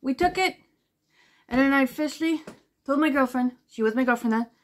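A woman vlogging to camera, telling a story in a rambling, profane way, full of "like" fillers and animated indignation. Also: high-pitched, fairly quick. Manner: animated and indignant while retelling.

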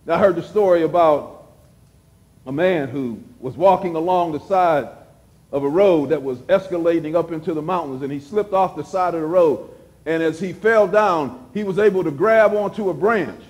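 A man preaching a sermon as pastor, repeating phrases for emphasis and dropping suddenly to a hush. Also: fairly high pitch, moderate pace.

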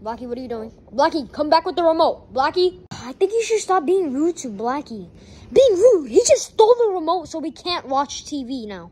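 A woman's voice: high voice, very animated, fairly quick, hardly any pauses, a little mellow. A woman improvising a plushie skit, voicing every character and switching voices, often scolding.

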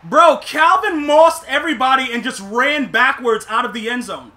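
A young man streaming a football video game, complaining to himself and his chat and shouting in disbelief at bad plays. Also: extremely high pitch, normal speed. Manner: exasperated, talks to himself and chat. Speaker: gaming streamer. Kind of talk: live gameplay commentary.

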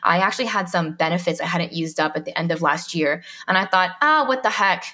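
A woman speaking as a podcast guest. Her voice sits a little low. She talks in a chatty, storytelling way, full of "um" and "like," and acts out what people said. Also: fairly even intonation, quick pace, pushed and bright, husky. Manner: chatty storytelling, reenacts dialogue, frequent "um" and "like". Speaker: guest, mindset coach. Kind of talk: podcast interview.

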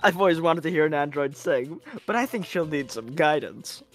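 A man's voice: a little high, lively intonation, normal speed, a bit bright, faint music behind. A man in a live fan dub voicing a chatty middle-aged male academy chairman who rambles, trips over his words and restarts.

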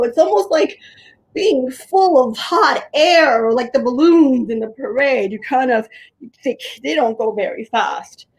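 Animated high-voiced woman leading kids' drama. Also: measured pace, rough recording. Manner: animated and sing-song, with playful animal noises. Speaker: drama workshop leader for young children. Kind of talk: guiding a creative drama warm-up for kids.

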